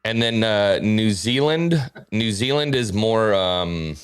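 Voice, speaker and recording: Low-voiced rambling man, lively pitch. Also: takes it slowly, clean tone. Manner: rambling, searches for words with many fillers. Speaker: guest streamer. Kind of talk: casual live-stream chat.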